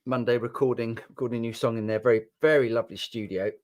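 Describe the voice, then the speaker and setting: A man's voice: medium pitch, fairly even intonation, quick pace, darkish tone. A British man co-hosting a live chat show, chatty and rambling, with restarts. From Britain. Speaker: co-host. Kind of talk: casual live-stream chat.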